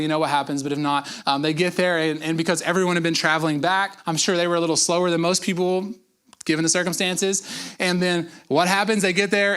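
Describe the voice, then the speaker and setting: A man's voice: fairly high pitch, fairly bright tone, clean tone. A man preaching a conversational sermon as pastor, telling the story casually with jokes and asides.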